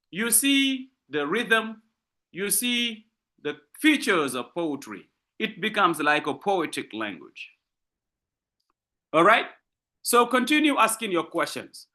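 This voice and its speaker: Lively high-pitched male lecturer. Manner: repetitive, explanatory, asks and answers his own questions. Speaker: literature lecturer. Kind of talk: university lecture.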